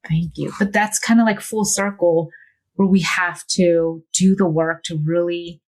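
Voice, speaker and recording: A woman's voice: on the low side, fairly even intonation, a little slow, darkish tone. A woman guest on a podcast speaking earnestly and reflectively in casual conversation.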